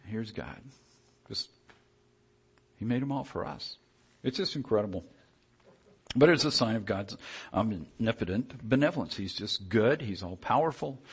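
A man preaching a sermon in a conversational, animated way, often restarting his sentences. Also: lowish voice, husky.

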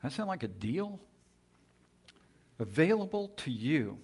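Husky-voiced preacher delivering a dramatic sermon. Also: male voice, fairly high pitch, very animated, takes it slowly, darkish tone. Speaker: pastor.

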